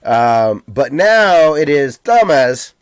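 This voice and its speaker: A man's voice: medium pitch, lively intonation, normal speed, dry recording. American guy rambling on a podcast, lots of ums, dry close mic. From United States. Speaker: podcast co-host. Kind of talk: casual chat.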